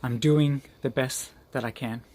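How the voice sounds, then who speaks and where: A man's voice: mid-range voice, steady tone, measured pace, darkish tone, slight background noise, lightly acted. A small, stubborn hummingbird, voiced by a man in a storyteller's own near-natural voice. It talks earnestly and firmly, without panic. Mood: resolute. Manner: earnest, resolute. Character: tiny determined hummingbird, steadfast.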